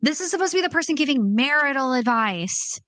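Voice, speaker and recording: Brief: woman host, fairly high bright voice, expressive casual reactions, dry sound. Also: a little fast, dry recording. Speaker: podcast host. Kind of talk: casual podcast chat.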